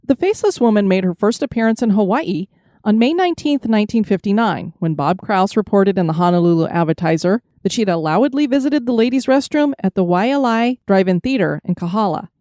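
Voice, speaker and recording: Mellow woman narrating ghost stories. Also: mid-range voice, lively intonation, brisk, dry recording, clean studio sound. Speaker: podcast host. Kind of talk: storytelling narration.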